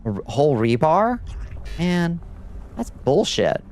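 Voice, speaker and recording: A man's voice: on the high side, very animated, slow pace, a little mellow. A man streaming a video game from home, chatting loosely with viewers and swearing casually, with lots of fillers. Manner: loose and profane, rambling with fillers. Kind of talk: casual gameplay chat with viewers.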